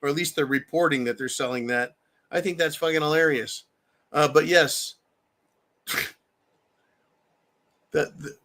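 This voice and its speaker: A man's voice: on the high side, fairly even intonation, unhurried, pauses often, fairly bright tone. A man hosting a live stream, reading viewer comments aloud and ranting in a profane, mocking way. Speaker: host reading viewer chat.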